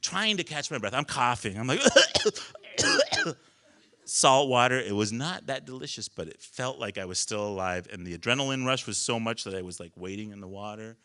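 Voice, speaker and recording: A man telling a personal story on a small live stage, animated, laughing often and swearing casually. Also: lowish voice, fairly quick, few pauses.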